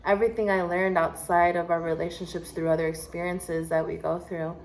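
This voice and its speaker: A woman's voice: lowish voice, flat delivery, fairly quick, slight background noise, rough recording. A young adult woman mentoring children, hosting a casual personal monologue, speaking candidly and animatedly with casual swearing. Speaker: podcast host and youth mentor.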